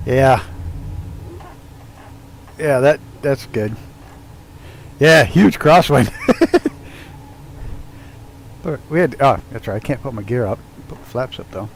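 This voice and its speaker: A man's voice: mid-range voice, animated, slow pace, vocal fry, long pauses, a little hiss or hum, low-quality recording. Casual male streamer, mid-range voice, loose and profane, narrating his own flying to viewers. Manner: loose, swears freely, chats with viewers while doing cockpit tasks. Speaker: live streamer. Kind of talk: casual live-stream chat while flying a flight sim. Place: at home with his dog nearby.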